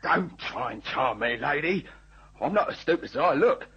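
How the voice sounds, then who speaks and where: An actor playing a menacing armed robber with a Cockney accent, in a vintage radio drama. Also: male voice, a little high, expressive, normal speed, a bit bright, breathy edge, full character voice. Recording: dull lo-fi old radio recording.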